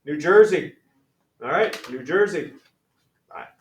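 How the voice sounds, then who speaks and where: A man's voice: on the high side, animated, measured pace. A male math teacher leading a classroom lesson, talking in a conversational, upbeat way and calling on students by name. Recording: echoey classroom from far off.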